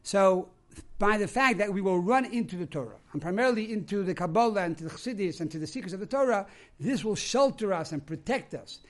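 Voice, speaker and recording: A rabbi preaches, moving from teaching into a story. His voice is high for a man, and he explains each term in turn. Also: animated, a little fast. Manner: explains terms one after another, tells stories. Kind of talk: sermon with storytelling.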